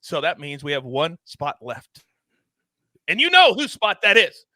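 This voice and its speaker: A man hosting a sports betting show, animated and theatrical, swinging his voice up and down for emphasis. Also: a little slow, no room sound, studio quality. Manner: animated and theatrical, big swings in pitch and volume. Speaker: host.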